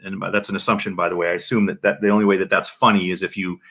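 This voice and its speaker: A man giving casual spoken commentary to his audience in a halting, dry and joking way, with many restarts and fillers. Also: deep voice, little pitch movement, fairly bright tone, muffled recording. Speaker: video commentator.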